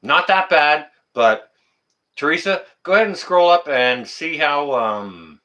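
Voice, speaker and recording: On his casual livestream, a man greets chat viewers by name and rants indignantly, often saying the same things over again. His voice sits on the high side, expressive and a little slow, with a pushed, bright edge.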